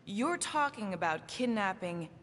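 A woman's voice: medium pitch, very animated, measured pace, a bit bright, in a large hall, a little hiss or hum. An actress voicing a wary, dry-witted female warrior in a video game, skeptical in tone.

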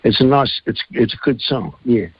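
A man's voice: mid-range voice, moderate pace, husky, no room sound, dull audio. A man, a singer-songwriter telling rambling, earthy stories in a casual radio interview.

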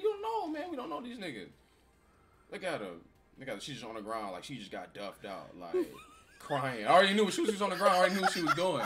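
A young man casually commenting on a video with his brother, laughing often and acting out what people say. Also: a little high. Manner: animated, laughing, acts out quotes. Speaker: co-host reacting to a video.

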